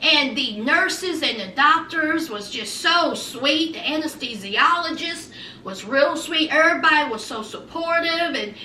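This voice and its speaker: A woman's voice: high-pitched, expressive, measured pace, sharp tone, a little hiss or hum. A young woman giving a chatty, sassy recap of a reality show, calling her listeners honey and child. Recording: roomy echo, mic a bit distant.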